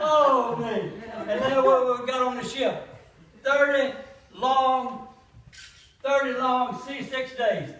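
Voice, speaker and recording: Old man telling jokes, high voice. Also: slow, pauses often, a bit bright. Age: older. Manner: folksy joke-telling, laughing at his own punchlines. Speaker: comedian. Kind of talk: comic monologue at a church gathering. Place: church hall. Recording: echoey hall from far off.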